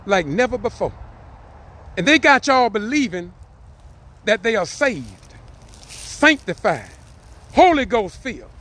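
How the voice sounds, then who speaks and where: High-pitched preacher man. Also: slight background noise. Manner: preachy, repetitive, swells into shouted cries. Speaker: street preacher. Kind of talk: impassioned preaching.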